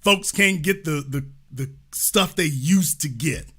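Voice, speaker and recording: Guy hosting a call-in show, kinda high voice, bright, keeps repeating himself. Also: slow pace, husky. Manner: casual, repetitive, restates lines. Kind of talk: live call-in talk show.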